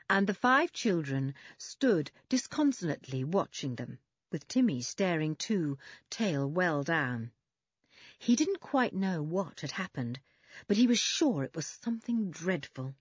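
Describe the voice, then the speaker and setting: A woman narrating a children's book in an expressive storytelling manner, husky in tone. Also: deep voice, measured pace, dry recording. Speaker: audiobook narrator. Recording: dull, dry recording.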